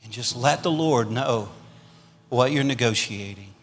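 A man with a Southern US accent preaching a storytelling revival sermon, swinging between loud punches and quiet asides. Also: mid-range voice, unhurried, big-room sound. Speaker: pastor.

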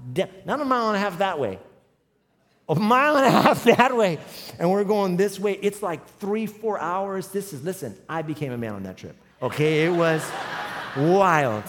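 A man in his forties preaching a sermon, telling a humorous personal story and building to loud, emphatic runs. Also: a little high. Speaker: pastor. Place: large church hall with live audience. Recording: long hall reverb.

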